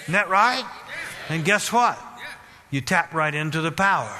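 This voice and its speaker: A man preaching a sermon with fervent, repetitive exhortation that rises to loud emphasis. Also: a little high, animated, a little slow, long pauses. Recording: long hall reverb.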